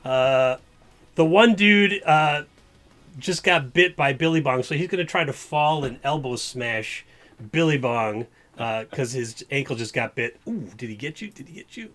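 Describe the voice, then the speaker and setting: A man's voice: mid-range voice, animated, a little slow, fairly bright tone. A man running a tabletop game as game master, narrating the action in a chatty way with frequent laughs. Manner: chatty, laughing often, lots of filler.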